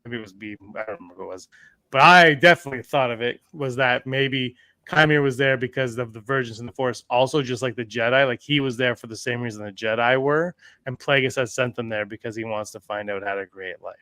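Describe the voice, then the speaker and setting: A man hosting a casual podcast chat, animated and quick to question his co-hosts. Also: medium pitch, no room sound. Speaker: podcast host.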